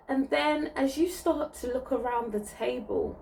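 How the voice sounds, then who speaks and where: A woman's voice: high-pitched, very animated, slow, vocal fry, darkish tone, distant mic, a little hiss or hum, low-quality recording. A woman giving a spiritual reading to viewers in a soothing, reassuring way, often checking in with "okay?". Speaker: spiritual reader.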